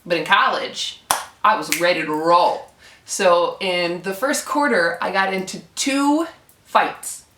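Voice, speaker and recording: A young woman telling a story casually, animated and swearing freely as she acts out what people said. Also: lowish voice, slow, slight background noise. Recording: echoey room, from a distance.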